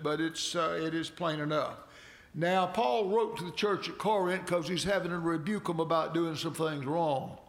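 A man's voice: on the high side, creaky. A man preaching a sermon as pastor, reading scripture aloud in a folksy, conversational way and stressing key words.

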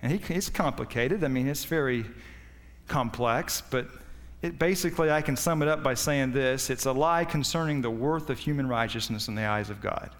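A man preaching a sermon with passion, his voice swinging between loud high peaks and low quiet stretches. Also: normal speed, in a large hall. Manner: impassioned, rising and falling in pitch and volume.

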